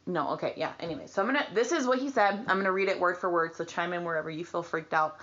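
A woman hosting a podcast in casual chat, reading out a listener's story, animated and swearing casually. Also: fairly low pitch, fast, dull audio. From Britain. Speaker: podcast host.

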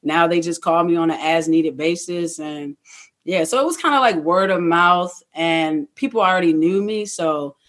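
A guest in a casual interview, telling stories in an animated way, acting out past thoughts and leaning on fillers like "you know what I mean". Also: medium pitch, moderate pace. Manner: animated, acts out own past thoughts in quotes. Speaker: guest, truck owner-operator.

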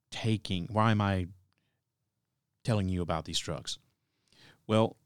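A man's voice: deep voice, no room sound, studio quality. A man narrating a true-crime story in a casual, conversational way, breaking off for asides and restarting his sentences.

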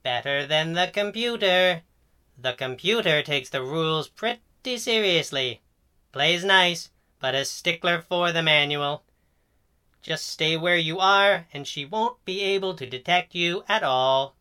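Man as a sardonic rule-bound robot, bright, smooth, by-the-book manner. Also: on the high side, animated, a little slow, pitched above the performer's own voice. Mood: matter-of-fact. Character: small grumpy rule-bound male robot on wheels.

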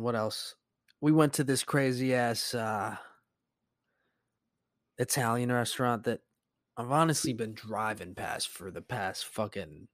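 A man's voice: mid-range voice, no echo, clean studio sound. A man who is a teacher, hosting a podcast in rambling, profane casual chat. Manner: rambling and profane, many fillers. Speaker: podcast host.

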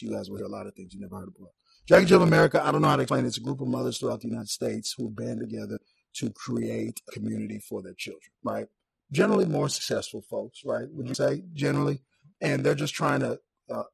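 A man who coaches young athletes, talking as a guest on a podcast in a lively and chatty way. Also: medium pitch, vocal fry, poor audio. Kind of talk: casual podcast interview.

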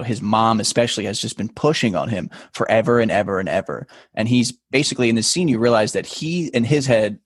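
A man's voice: lowish voice, husky, no room sound, studio quality. A man co-hosting a podcast, casually recapping a show, swearing freely. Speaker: podcast co-host.

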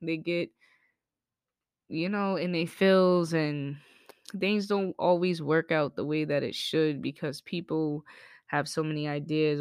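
A woman's voice: low voice, smooth, no room sound, clean studio sound. Blunt Southern woman telling stories. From Southern United States. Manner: blunt, profane, laughs through stories. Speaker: podcast host. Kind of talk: candid storytelling monologue.

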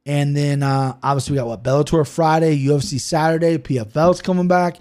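Quick-talking profane male podcast host. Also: fairly high pitch, fairly even intonation, a little mellow. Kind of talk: casual chat.

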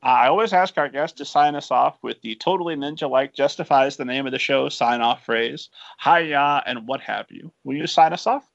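A man's voice: mid-range voice, normal speed, creaky, hardly any pauses, dry recording, dull audio. A man from Indiana hosting a podcast interview, joking along with his guest and wrapping up the show. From Indiana, USA. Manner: joking and friendly. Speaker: podcast host. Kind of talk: casual interview chat.

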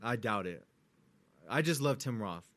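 A man chatting casually as a co-host, rambling and excitable, often trailing off while searching for words and swearing easily. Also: medium pitch, measured pace. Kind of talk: casual chat.

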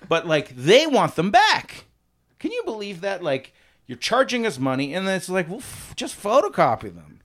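A man's voice: high voice, wildly swooping pitch, moderate pace. A man improvising a simple-minded husband who sells his homemade beer, telling his story in a rambling, defensive way and laughing as he goes. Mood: blustery. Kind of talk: improvised comedy interview.

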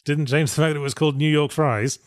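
A man's voice: on the high side, fairly even intonation, fast, no room sound. A man co-hosting a casual podcast chat, talking with dry, wry humor. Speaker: podcast co-host.

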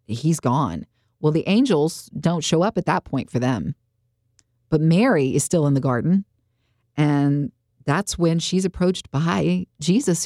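A woman's voice: low voice, warm tone, no echo, clean studio sound. A woman in casual conversation, retelling a story with animation and acting out the quotes. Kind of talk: casual faith discussion.

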